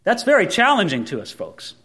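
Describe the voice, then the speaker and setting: A male preacher with a high voice that leaps and swoops through a very wide range. He preaches with heavy emphasis, pulling back to hushed asides before pressing hard on the words that matter. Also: wildly swooping pitch, a little fast, husky. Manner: emphatic, swinging between loud stresses and soft asides; acts out quoted voices. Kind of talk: sermon.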